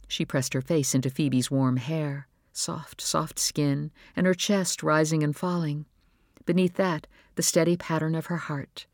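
Dry, measured audiobook narrator. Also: mid-range voice, fairly even intonation, no echo. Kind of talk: scripted narration.

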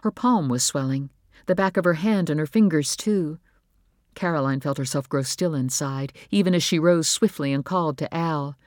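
A measured, expressive audiobook narrator reading literary fiction. The voice sits at a middle pitch and is recorded dry and close, with no room echo. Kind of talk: scripted narration.

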